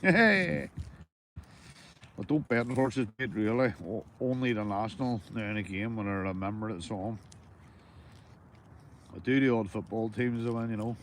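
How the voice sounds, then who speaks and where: A man's voice: fairly low pitch, steady tone, normal speed, a little mellow, a little hiss or hum. A Northern Irish man chatting casually to livestream viewers while fishing, easygoing and full of banter, swearing freely and calling everyone mate. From Northern Ireland. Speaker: livestreaming angler.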